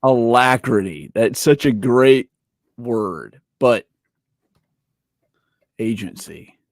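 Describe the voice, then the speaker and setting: A man's voice: mid-range voice, lively intonation, extremely slow, no room sound, clean studio sound. A man hosting a casual gaming chat, joking around and playful. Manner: playful, jokey, puts on accents. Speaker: podcast host.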